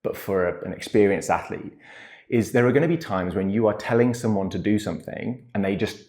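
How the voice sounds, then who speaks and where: A man, co-hosting a casual chat and speaking in an earnest, reflective, measured way. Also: fairly low pitch, darkish tone. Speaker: podcast co-host, coach.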